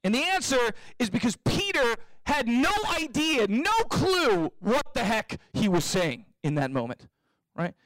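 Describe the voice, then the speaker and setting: Man, pastor, sermon, animated and joking, high voice, echoey church hall. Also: a little slow. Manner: animated, joking, acts out quotes. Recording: echoey hall, mic from far off.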